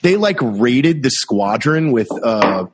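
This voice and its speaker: A man's voice: mid-range voice, lively intonation, slow pace, noisy background. A man telling a military anecdote in casual chat, profane and exasperated.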